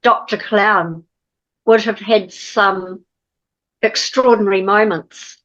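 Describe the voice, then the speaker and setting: A woman hosting an interview, putting her questions in a slow, measured way. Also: mid-range voice, steady tone, fairly bright tone, muffled recording. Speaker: host.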